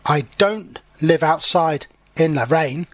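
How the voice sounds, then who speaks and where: Friendly little male house mouse in a storybook, read aloud by a man; slow and plain. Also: on the high side, no echo. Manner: slow, deliberate storybook dialogue.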